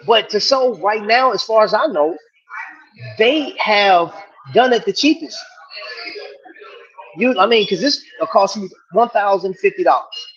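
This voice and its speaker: A man's voice: high-pitched, fairly bright tone. A middle-aged man hosting a casual livestream, chatting in a laid-back way and laughing along with viewers. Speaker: watch reviewer and livestream host. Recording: dull lo-fi stream audio.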